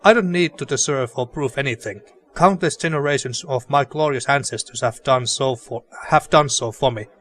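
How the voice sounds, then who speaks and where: A man's voice: mid-range voice, normal speed, hardly any pauses, fairly bright tone, lightly acted. A man reading a haughty, snobbish baron. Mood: condescending. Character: arrogant, dismissive male noble baron.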